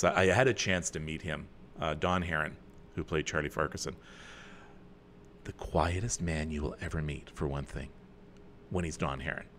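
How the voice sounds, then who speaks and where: Animated Canadian-raised man reading comments. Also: medium pitch. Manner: animated, swinging from loud bursts to quiet asides; chatty, with many fillers and restarts. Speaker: host. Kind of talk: live-stream chat reading viewer comments.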